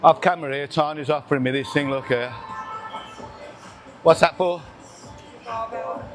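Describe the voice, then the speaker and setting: Chatty gym man, slightly high voice. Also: animated, normal speed, pauses often, soft background music. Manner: chatty, banters, counts reps aloud. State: out of breath between sets. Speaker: gym vlogger. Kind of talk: casual chat while training. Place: busy gym, indoors. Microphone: camera on tripod nearby.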